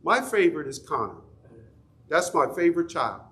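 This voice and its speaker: A man's voice: on the high side, sing-song, moderate pace, fairly bright tone. A middle-aged man teaching an adult Sunday school class in a church, talking conversationally and asking the class questions. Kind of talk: Bible study teaching.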